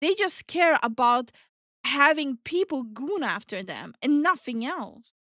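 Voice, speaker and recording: A woman co-hosting a casual reaction stream, ranting in an exasperated, animated way. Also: sits high, measured pace, dry recording, clean studio sound. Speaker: VTuber co-host.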